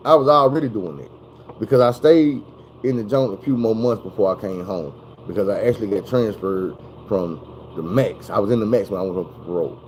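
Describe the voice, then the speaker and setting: A young man telling a story in a casual, animated, profane way. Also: lowish voice, a little fast, a little hiss or hum, rough recording. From Arkansas.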